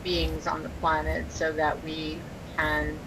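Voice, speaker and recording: A woman with a lowish voice speaks as a podcast guest, measured and methodical, stringing terms together one after another. A loud low rumble sits under the recording throughout. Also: monotone. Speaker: guest, energy healer and spiritual coach. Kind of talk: casual podcast interview.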